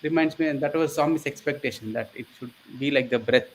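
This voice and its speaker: A man's voice: mid-range voice, quick pace, a little hiss or hum, rough recording. A man telling a story in casual conversation, rambling and hesitant, with many fillers.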